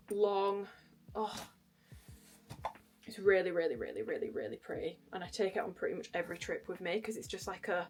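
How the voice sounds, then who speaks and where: Chatty young woman vlogging. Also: medium pitch. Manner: chatty, rambling, many fillers. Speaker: lifestyle vlogger. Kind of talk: casual vlog chat.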